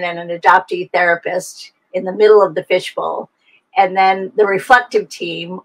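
A woman's voice: medium pitch, fairly bright tone, low-quality recording. Older woman, reflective storyteller on a call. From United States. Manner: reflective, storytelling, frequent restarts. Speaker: adoption expert guest. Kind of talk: interview by video call.

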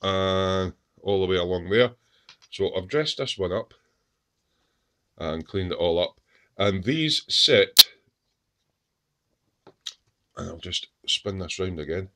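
A man's voice: deep voice, animated, slow pace, long pauses, bright, forceful tone. A man with lots of ums and restarts, showing his model truck build in a casual workshop video. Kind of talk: casual workshop show-and-tell.

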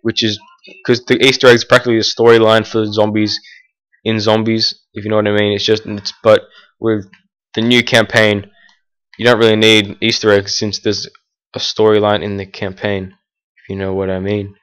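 A man's voice: lowish voice, level tone, normal speed, a bit bright, smooth. A teenage boy casually commenting on his gameplay, rambling with fillers and restarts and breaking into annoyed outbursts. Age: teens. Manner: erupts in annoyed outbursts at the game.

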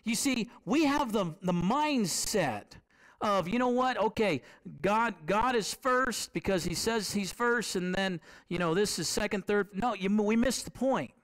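A male preacher with a high voice that swings widely delivers an unhurried, animated sermon. He speaks conversationally to the congregation, repeatedly asking them rhetorical questions and repeating phrases for emphasis.

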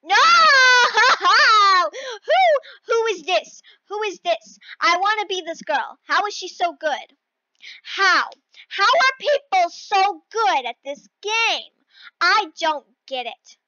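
High, excitable girl narrating her game. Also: slow pace, no echo, highs cut off. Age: child. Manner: excitable, shrieking when she fails. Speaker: gaming video creator. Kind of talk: casual gameplay commentary.

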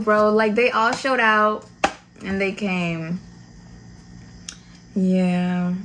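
A woman's voice: mid-range voice, flat delivery, drawn-out words, long pauses, background noise. A young adult woman vlogger from the United States recounts her Navy boot camp days in a casual storytime, talking in a slangy, candid and profane way.

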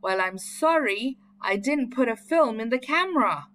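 A woman's voice: on the high side, lively intonation, normal speed, fairly bright tone, a little hiss or hum, pitched above the performer's own voice. A woman voicing a sheepish father, light and apologetic.

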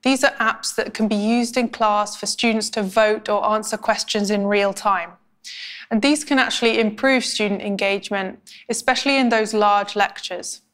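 A woman teaching academic writing in a clear, measured, scripted explainer style. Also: medium pitch, a bit bright. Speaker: language instructor.

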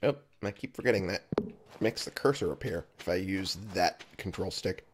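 A man's voice: sits low, moderate pace, slight background noise. A man giving casual gameplay commentary, sleepy and yawning, chatty and thinking aloud with frequent chuckles. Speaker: let's play gamer.

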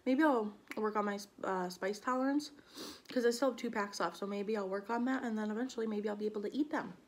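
A woman's voice: mid-range voice, fast. Flustered young woman vlogging to camera. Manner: flustered, sweating and out of breath from spicy food. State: mouth numb, shaking. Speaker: mukbang vlogger. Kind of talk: casual vlog talk to camera.

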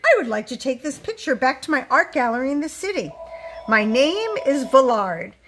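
A woman voicing an eager, fussy male art dealer who talks in a hurried, raised voice, in a storybook reading. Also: high voice, big pitch swings, a bit bright, slight background noise, voice pushed up.

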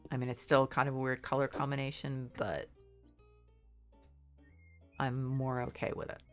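A woman's voice: extremely low pitch, little pitch movement, normal speed, soft background music. A congested middle-aged woman chatting casually while streaming a game, rambling and second-guessing herself. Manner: rambling, self-doubting, restarts often. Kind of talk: casual gameplay commentary.

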